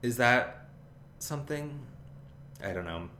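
A man's voice: mid-range voice, animated, slow pace, bright, forceful tone, roomy sound. A man co-hosting a podcast, chatting casually and animatedly and laughing often. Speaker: podcast co-host. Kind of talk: casual chat.

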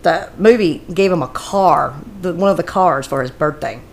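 A woman, chatting casually on a podcast, talking fast and rambling frankly. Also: lowish voice, gravelly. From Antioch, Tennessee. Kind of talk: casual chat.

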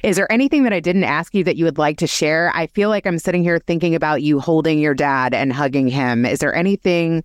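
Podcast host asking soft caring questions, smooth clear voice, dry mic. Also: medium pitch, fairly quick, few pauses, no room sound. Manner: warm, empathetic questioning. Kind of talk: interview.

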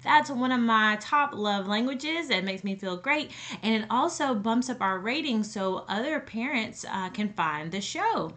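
A woman's voice: on the high side, lively intonation, unhurried, fairly bright tone. A woman in her thirties hosting a parenting podcast, talking casually and informally straight to her listeners. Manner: chatty and informal, addresses listeners as y'all and sisters. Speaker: podcast host and parenting coach.

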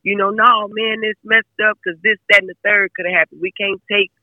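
With a level tone and a slightly fast pace, this woman's mid-range voice comes through dry and phone-quality. Being interviewed as the mother of a football player, she chats about her son. She is emphatic and often repeats herself.

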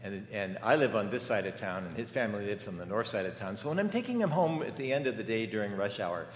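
Speaking fast with lively intonation, this older guest preacher's lowish voice carries stories and rhetorical questions through an echoey church sanctuary. His tone stays conversational, and faint room ambience can be heard.

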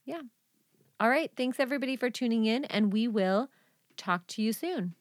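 A woman co-hosting a podcast in casual chat, animated and laughing often. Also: a little high, normal speed, no room sound, studio quality. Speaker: podcast co-host.

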